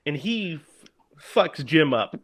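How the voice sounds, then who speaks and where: A man co-hosting a podcast, casually retelling a horror film in an animated way and acting out the characters' lines. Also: fairly high pitch, takes it slowly, husky. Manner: animated, acts out characters' lines in put-on voices. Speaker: podcast co-host.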